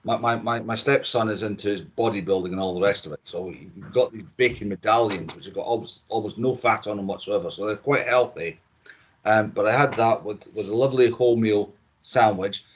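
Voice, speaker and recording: A middle-aged man with a Scottish accent, talking as a guest on a podcast. His voice sits low, and he chats in a relaxed, opinionated way, often repeating words as he goes. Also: a little fast, breathy edge. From Scotland. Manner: chatty and opinionated, with frequent repeats. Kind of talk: casual podcast interview.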